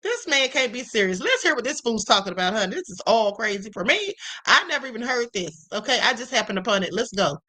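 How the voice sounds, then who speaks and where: A woman hosts a live stream with sassy commentary, often calling her viewers honey. Her voice swoops widely and rings bright. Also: fairly high pitch, sing-song, fast talker, hardly any pauses. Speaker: host.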